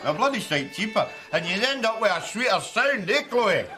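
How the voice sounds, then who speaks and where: In a sitcom TV clip with music playing over it, a man takes on the role of a scruffy, crude Glaswegian in middle age who makes sarcastic, mocking asides. His voice is high and very animated, at a moderate pace.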